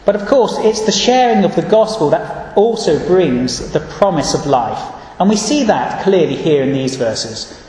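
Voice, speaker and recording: A man preaches in a steady, earnest way, often pausing to read out scripture verses. His voice sits fairly high for a man. It rings through a large church hall with a long, echoey tail. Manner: earnest, measured, reads scripture verses aloud. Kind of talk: sermon.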